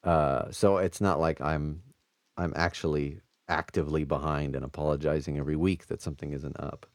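A man co-hosting a webcomics podcast, chatty and self-deprecating, quick to joke with his co-hosts. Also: rumbling low, fairly even intonation, no echo, clean studio sound. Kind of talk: casual chat.

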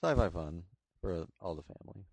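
A man co-hosting a podcast, quick to laugh and teasing, recorded on a dry close mic. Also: deep voice, lively intonation, gravelly, darkish tone, breathy edge, dry recording. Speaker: podcast co-host. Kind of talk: casual podcast chat.

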